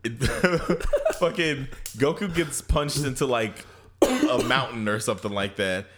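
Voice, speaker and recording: A young man co-hosting a loose, laughing podcast chat. His voice sits at a middle pitch but swings widely, jumping up high whenever he imitates cartoon characters. He swears freely and laughs through his sentences. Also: very animated, measured pace, a bit bright. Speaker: podcast co-host. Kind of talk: casual chat.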